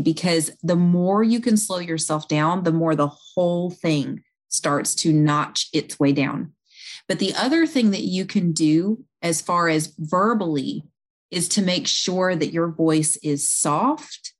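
A woman speaking as an interview guest, calmly explaining and talking through everyday examples. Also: on the low side. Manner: calm, explanatory, talks listeners through examples. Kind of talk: conversational advice.

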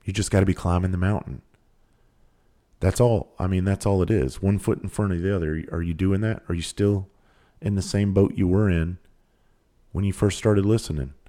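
A man's voice: sits low, fairly even intonation, moderate pace, dark tone. A middle-aged man with a Southern country accent, a podcast host giving a blunt, profane motivational monologue full of rhetorical questions.

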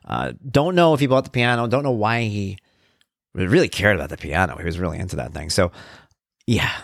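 Man, podcast host, casual monologue, quick rambling delivery, self-deprecating. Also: on the low side, very animated, creaky, no echo, studio quality. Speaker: podcast host and parenting blogger.

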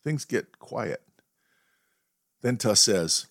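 A man hosting a podcast, telling a wry, deadpan story in a monologue. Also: fairly low pitch, normal speed, no room sound, studio quality. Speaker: podcast host.

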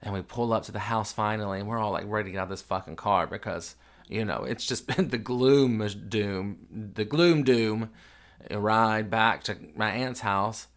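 Grieving man, low voice, candid storytelling. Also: normal speed. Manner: candid and profane, swings from hushed grief to loud excited retelling. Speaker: podcast host. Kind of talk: raw emotional storytelling.

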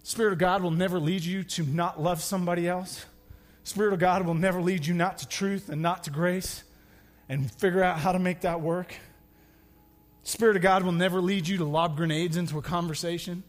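A man preaching a sermon, moving from loud, urgent calls down to hushed, intimate lines. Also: high-pitched, fairly even intonation, fairly quick. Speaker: pastor. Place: church sanctuary.

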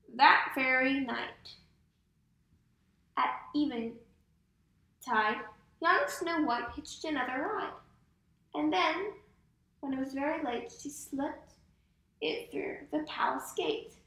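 A woman's voice: high voice, slow pace, long pauses, fairly bright tone. A woman narrating a comic rhyming storybook in a playful, emphatic way. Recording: roomy echo.

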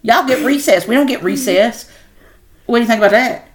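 A woman's voice: a little high, brisk, crowd noise. A middle-aged woman hosting a casual podcast chat at home with her son, teasing and laughing. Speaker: podcast host.

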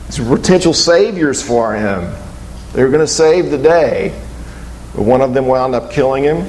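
A man preaching a sermon at a mid-range pitch, talking it through like a conversation and asking his listeners questions. A faint hum of ambient noise sits under his voice. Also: a little mellow, rough recording. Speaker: pastor.

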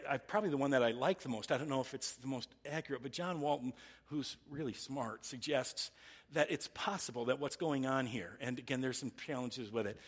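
Earnest, husky-voiced male preacher. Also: a little high. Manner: earnest, halting with frequent restarts. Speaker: pastor. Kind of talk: sermon.

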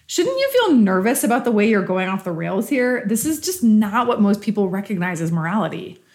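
A woman's voice: mid-range voice, sing-song, fairly quick, a little mellow. A woman reading a skeptical, probing challenger. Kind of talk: scripted philosophical dialogue.

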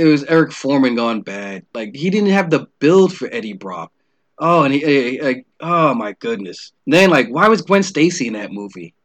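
Man, high-pitched, exasperated casual rant, profane, lots of restarts. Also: a bit bright. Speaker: movie ranter.

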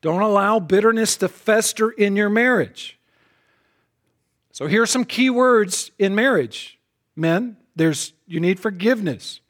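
A male pastor delivering a sermon in a voice pitched a little above most men's. He is emphatic, doubles words as he starts a phrase, and drops into quiet asides before punching his points again. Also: a little slow. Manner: swings between loud punches and soft lowered asides.

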